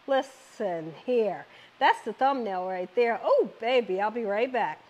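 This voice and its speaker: Woman cooking show host, high voice, very lively, chatty and exuberant, middle-aged. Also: a little slow, highs cut off. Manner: chatty, exuberant, talks straight to viewers. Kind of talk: casual cooking vlog chat.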